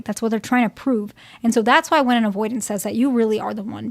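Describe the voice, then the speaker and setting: A woman's voice: a little high, gravelly, a little mellow. A young woman therapist talking directly to her viewers in a casual, frank way, often checking in with "okay?" and "right?". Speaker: therapist giving relationship advice. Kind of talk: casual advice talk to viewers.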